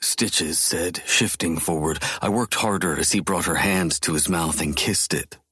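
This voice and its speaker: A man narrating a first-person romance audiobook in a low, intense voice. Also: a little slow, bright, forceful tone, dry recording, clean studio sound. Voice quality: very deep, husky.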